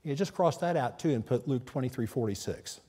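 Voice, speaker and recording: A man's voice: medium pitch, expressive, fairly quick, warm tone, slightly rough. A man preaching a Bible teaching sermon in a conversational way, often asking his listeners questions. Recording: long hall reverb.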